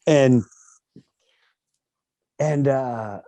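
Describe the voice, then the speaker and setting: Warm, animated middle-aged man storyteller. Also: mid-range voice, drawn-out words, no echo. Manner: animated, acts out quoted voices, emphatic asides. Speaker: speaker telling a personal story. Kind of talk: candid storytelling monologue.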